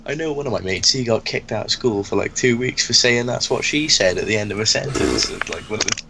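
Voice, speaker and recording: A man's voice: lowish voice, fast talker, gravelly, a little hiss or hum. A young man swearing freely as he tells school stories in a casual chat. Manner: animated, sweary, laughs while telling. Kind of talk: casual storytelling.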